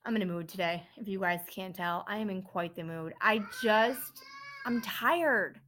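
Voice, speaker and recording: A woman's voice: medium pitch, a little slow, pushed and bright, a little hiss or hum. A woman who works in a dental office front desk, hosting her own podcast and venting bluntly with plenty of swearing. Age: adult parent. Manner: frustrated, blunt, swears often.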